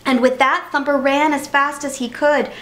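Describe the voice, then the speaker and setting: Casting: storytime reader, lightly high voice, clear and lively for kids. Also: female voice, moderate pace, rough recording. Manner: clear, expressive storybook narration. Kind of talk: reading a children's picture book aloud.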